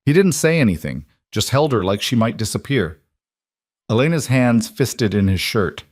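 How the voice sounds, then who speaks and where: A man's voice: mid-range voice, big pitch swings, moderate pace, no echo, studio quality. A man narrating a crime thriller story in a tense, dramatic way. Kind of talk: scripted audiobook narration.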